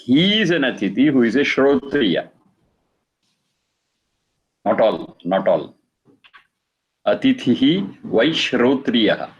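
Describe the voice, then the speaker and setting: A man giving a religious lecture, reciting verses and explaining them slowly. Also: mid-range voice, big pitch swings, lo-fi sound. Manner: slow, repeats Sanskrit phrases and explains them. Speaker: Vedic teacher.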